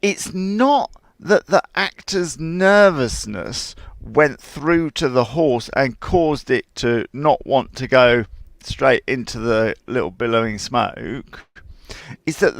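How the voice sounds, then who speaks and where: Gravelly, lively-voiced horse trainer. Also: male voice, on the high side, dry recording. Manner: rambling, digressive, chuckling storyteller. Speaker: horse trainer and show host. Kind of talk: casual advice talk with anecdotes.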